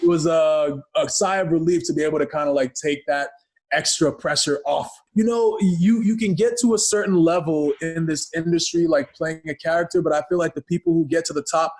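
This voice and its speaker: A man from Ghana talking as a guest on a podcast, with a fairly high voice. He tells stories with plenty of energy and slips into other people's voices as he goes. It is relaxed, casual interview chat. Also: fairly quick. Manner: lively storyteller who acts out voices.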